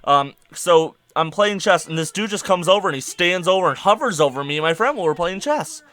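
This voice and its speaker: A young man hosting a podcast, ranting casually and with exasperation, his voice climbing to near-shouts. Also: high-pitched, animated, a little fast. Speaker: podcast host.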